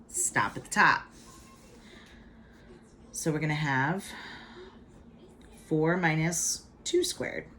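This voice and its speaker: A woman's voice: low voice, a bit bright, a little hiss or hum. A middle-aged woman giving a chatty, playful math lesson from home, talking through each step. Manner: chatty and playful, with hype catchphrases. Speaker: math teacher. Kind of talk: casual video math lesson.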